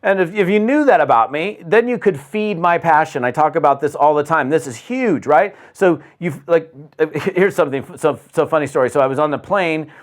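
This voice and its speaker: A man from the United States giving an energetic, conversational motivational talk on business, often restarting phrases and acting out quotes. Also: on the high side, moderate pace, few pauses. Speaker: network marketing speaker.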